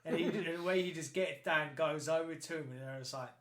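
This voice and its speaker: A man co-hosting a podcast, chatting excitedly, swearing a lot and acting out quotes. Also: on the high side, fairly quick. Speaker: podcast co-host. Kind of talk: casual chat. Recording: roomy echo.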